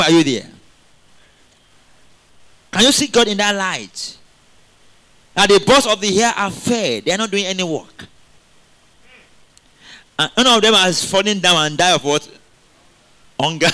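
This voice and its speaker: A middle-aged man preaches a sermon, his voice bright and a little high for a man. He talks in an animated way, throws questions at the congregation and breaks into laughter often. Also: unhurried, long pauses.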